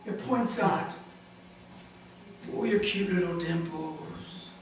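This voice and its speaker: Pastor preaching, slow and dramatic, high voice, from far off in a very echoey chapel with faint noise. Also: male voice. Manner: dramatic, swinging from loud emphatic bursts to hushed asides. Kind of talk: sermon.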